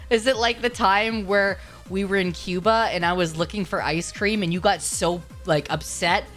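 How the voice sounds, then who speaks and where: A woman hosting a live stream Q&A, telling stories in an animated way and laughing a lot. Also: medium pitch, measured pace, soft background music. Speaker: streamer host. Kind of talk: casual chat.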